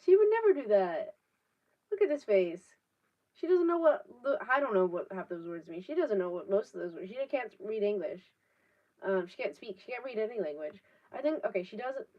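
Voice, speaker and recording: Rambling 19-year-old woman, distant. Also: medium pitch. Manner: rambling, filler-heavy, casual swearing. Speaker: streamer. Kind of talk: casual live-stream chat. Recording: distant, dull laptop audio.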